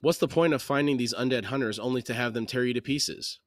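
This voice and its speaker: A man voicing a blunt, weary male caravan captain in a fantasy audiobook reading, gruff and plain-spoken. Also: medium pitch, quick pace, no echo, clean studio sound, natural voice.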